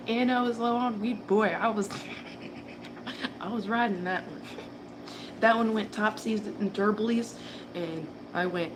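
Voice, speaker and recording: A woman's voice: medium pitch, slow, pauses often. A woman reader talking casually in a rambling, profane monologue, laughing often as she rants. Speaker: tarot reader. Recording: background noise.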